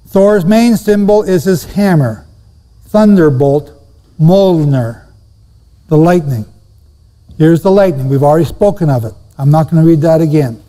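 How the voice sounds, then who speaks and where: Speaking to a seated audience in a hall with long reverb, a man with a high, warm voice teaches Bible prophecy emphatically, repeating key phrases and putting questions to his listeners.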